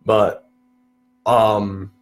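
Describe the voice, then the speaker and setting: A young man tells stories in a relaxed chat. His voice sits fairly low. He keeps restarting his sentences and jumps up in pitch when he acts out what others said. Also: very slow. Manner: animated, restarts often, acts out quotes in a higher voice. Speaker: podcast guest. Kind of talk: casual storytelling chat.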